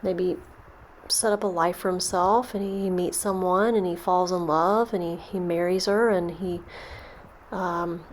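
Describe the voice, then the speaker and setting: A woman as a meditation guide, telling a storytelling meditation in a soft, slow, repetitive way. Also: lowish voice, steady tone, a little hiss or hum.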